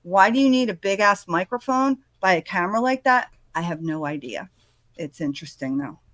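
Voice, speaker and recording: A woman hosting a true-crime commentary, talking in a speculative, conversational and often hushed way. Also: mid-range voice, animated, normal speed, no echo, poor audio. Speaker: host.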